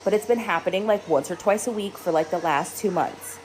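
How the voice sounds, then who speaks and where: A woman, a mother, telling a story to camera in an animated, incredulous way, jumping high on exclamations. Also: a little fast, a little hiss or hum.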